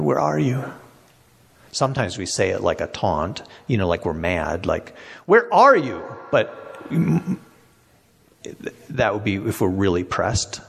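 In a hall with long reverb, a man whose voice is lowish, creaky, and husky leads a Bible study as pastor. He poses questions to the group and restates their answers back to them.

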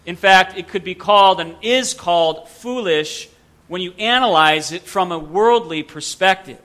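Male pastor, preaching, high bright voice, slow deliberate delivery, earnest. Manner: earnest preaching with rhetorical questions and dramatic pauses. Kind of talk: sermon.

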